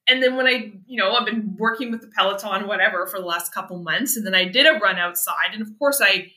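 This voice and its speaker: A very bright, crisp woman's voice in her thirties, from Canada, telling a story in a lively, casual way as a podcast guest. She acts out little quotes and laughs easily, and the room around her rings with a noticeable echo. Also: medium pitch, fast. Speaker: guest, sports medicine doctor. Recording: roomy echo.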